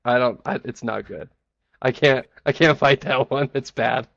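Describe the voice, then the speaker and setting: A man giving an enthusiastic, playfully boastful pitch in a casual group chat, then taking questions. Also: moderate pace, vocal fry, a bit bright, highs cut off. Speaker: presenter defending a theme park in a group chat.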